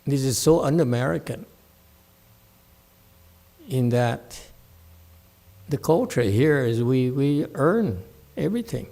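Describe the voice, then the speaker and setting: A man's voice: medium pitch, lively intonation, takes it slowly, gravelly, long pauses, mellow. A man giving a Buddhist dharma talk at a temple, blunt and scolding, mocking his students' whining. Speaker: meditation teacher.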